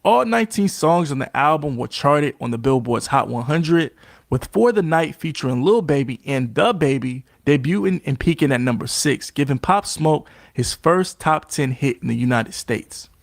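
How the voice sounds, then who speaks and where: Dry, steady documentary narrator, a man. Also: a little high, moderate pace, creaky, dry recording. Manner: steady, factual. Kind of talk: scripted narration.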